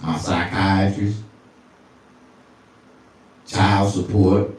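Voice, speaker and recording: A male stand-up comedian telling crude stories, often jumping into falsetto. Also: fairly even intonation, very slow, a little mellow, very echoey, far from the mic. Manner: crude, storytelling, swings into falsetto.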